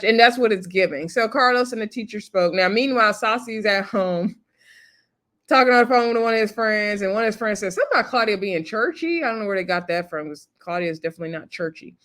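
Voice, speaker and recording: A woman's voice: mid-range voice, fast, a bit bright. A woman giving a casual, opinionated recap of a TV episode. She acts out what people said and talks back at them. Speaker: TV show recapper.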